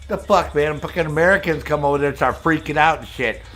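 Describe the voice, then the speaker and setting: A man's voice: fairly high pitch, quick pace, a bit bright, soft background music. A middle-aged man hosting a casual chat with viewers, telling rambling stories full of swearing. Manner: profane, rambling storyteller. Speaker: streamer host. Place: Maine, United States.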